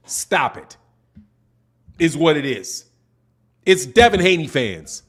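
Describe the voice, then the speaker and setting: Boxing talk-show host, male, pitched high for a man, exasperated casual livestream ranter. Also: sing-song, slow pace, long pauses, fairly bright tone. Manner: exasperated, ranting, peppers sentences with "man". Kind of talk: casual livestream commentary answering chat.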